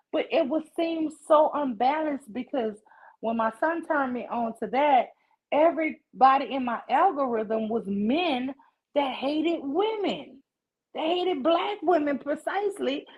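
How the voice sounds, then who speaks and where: A woman's voice: fairly high pitch, husky. A woman in her forties, a guest on a livestream, telling her story in an outraged, emphatic way over a video call. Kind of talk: candid livestream conversation. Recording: muffled lo-fi stream audio.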